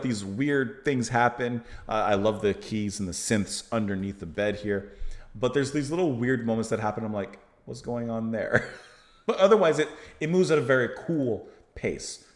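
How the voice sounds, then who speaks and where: A man hosting a music reaction, chatting casually and jokily while quoting lyrics. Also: medium pitch. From United States. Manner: animated, jokey, quotes lyrics aloud. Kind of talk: casual music review chat. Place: home room. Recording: echoey room.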